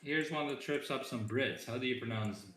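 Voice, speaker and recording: A man's voice: mid-range voice, moderate pace. Joking man hosting a stream, roomy sound. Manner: relaxed, joking, reads chat aloud. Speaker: game developer and stream host. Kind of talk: casual chat on a live stream. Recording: roomy echo.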